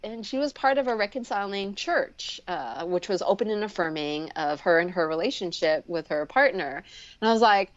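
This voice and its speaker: Lively woman telling her story over muffled audio. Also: on the low side, no room sound. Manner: animated, acts out quoted voices with sharp upward leaps and laughter; frequent fillers and restarts, slows down on heavy moments. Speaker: guest, speech pathologist. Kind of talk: candid personal storytelling in a live interview. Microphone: video call.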